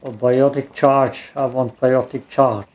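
A man's voice: mid-range voice, little pitch movement, takes it slowly, a little mellow. A man with a German accent, a native German speaker, giving rambling, self-mocking let's play commentary and cursing at the game. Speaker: gamer.

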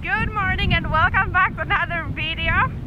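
A woman's voice: extremely high pitch, moderate pace, muffled recording, music in the background, a crowd in the background. A woman in her twenties vlogging outdoors on a snowy farm, chatty and upbeat, raising her voice over strong wind. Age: 20s. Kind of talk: casual vlog talk to camera. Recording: wind noise on camera mic. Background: wind noise.

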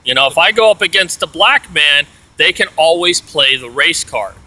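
A man's voice: a little high, animated, moderate pace, bright, forceful tone, rough recording. A man telling an aggrieved story in a rambling, casual rant, full of "you know"s. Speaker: vlogger.

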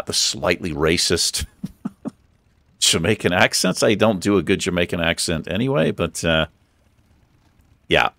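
A man's voice: fairly low pitch, vocal fry, no room sound. A man hosting a let's play, chatting casually and thinking aloud with a self-deprecating streak as he plays. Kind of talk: casual gameplay commentary.

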